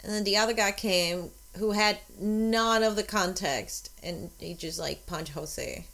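A woman's voice: medium pitch, unhurried. A young woman chatting casually and joking while reacting to a film, often laughing. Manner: joking, giggly, animated.

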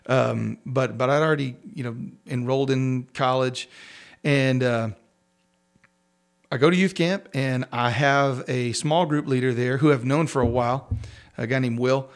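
A man with a gravelly, creaky voice at a middle pitch recounts his own story in a casual interview. He talks as a pastor, halting and restarting often, and chuckles at himself along the way. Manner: halting, many restarts, self-deprecating chuckles.

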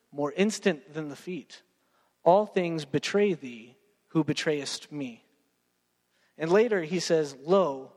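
Man, young, casual joking sermon, high voice, echoing church. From Texas. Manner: casual, joking, talks straight to the congregation. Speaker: preacher. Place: church sanctuary.

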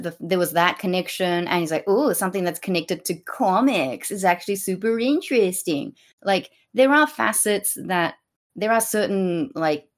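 Woman cohost, low voice, talks real slow w lots of ums, kinda wry. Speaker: podcast co-host. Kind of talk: casual podcast discussion.

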